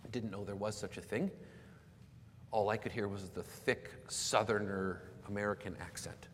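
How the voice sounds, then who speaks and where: A Canadian man in his forties preaching a sermon, swinging between loud emphasis and hushed near-whispers. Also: on the low side, fairly even intonation, normal speed. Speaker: pastor. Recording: long hall reverb, faint background noise.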